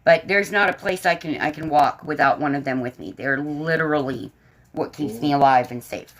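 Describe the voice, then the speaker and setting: A woman with a low voice hosts a casual livestream from a room at home, talking at normal speed to her viewers and her dogs. The recording is rough, with dogs barking in the background.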